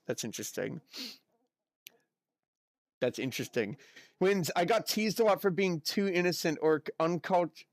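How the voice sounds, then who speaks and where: A man streaming live, chatting casually and reacting excitedly to chat messages. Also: sits high, dry recording, studio quality. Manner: chatty, excitable, lots of fillers and exclamations.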